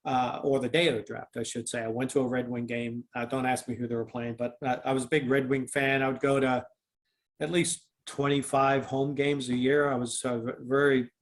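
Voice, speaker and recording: A man's voice: medium pitch, flat delivery, fairly quick. A man from Canada, a former football player, telling a long story in an interview, with many fillers and restarts and acted-out dialogue. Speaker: former football kicker, guest.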